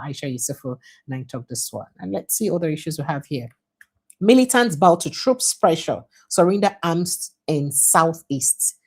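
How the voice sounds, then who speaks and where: A Nigerian woman with a low, husky voice runs through the day's newspaper headlines, reading each one briskly. Between headlines she drops into short Pidgin comments on what she has read. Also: darkish tone. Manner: reads headlines quickly, slips into Pidgin asides. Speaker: news show host.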